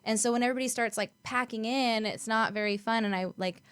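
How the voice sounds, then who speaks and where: A woman's voice: on the high side, fairly even intonation, quick pace, a bit bright, smooth, no room sound. A woman co-hosting a podcast in casual chat, talking chattily and filling her speech with "like.". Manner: chatty, lots of "like" fillers. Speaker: podcast co-host.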